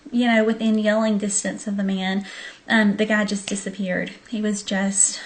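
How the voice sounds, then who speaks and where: A woman's voice: medium pitch, flat delivery, normal speed. A young woman with a Southern accent from Arkansas, telling a story to her viewers in a chatty, casual way with lots of ums, late at night. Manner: chatty, many ums, friendly direct address. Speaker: vlogger.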